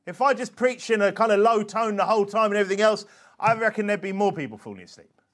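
A man preaches a sermon in a voice that sits high for a man. He moves between quiet asides and scripture shouted at full force. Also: expressive, fast. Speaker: pastor.

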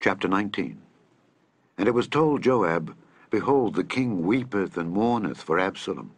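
A man reading scripture aloud in a measured, solemn manner. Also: low-pitched, no room sound. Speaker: scripture reader.

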